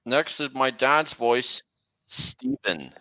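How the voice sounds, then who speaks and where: Young guy chatting on a stream, slow and stop-start, kinda bright edgy voice. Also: medium pitch, wildly swooping pitch, vocal fry, poor audio. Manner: halting, with frequent restarts. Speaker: livestream host. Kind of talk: casual stream chat.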